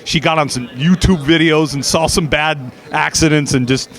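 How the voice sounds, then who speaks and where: A man's voice: on the high side, steady tone, normal speed, a bit bright. A middle-aged man in a casual interview, telling stories with many fillers and restarts, recorded outdoors at an expo. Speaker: guest, former steeplechaser.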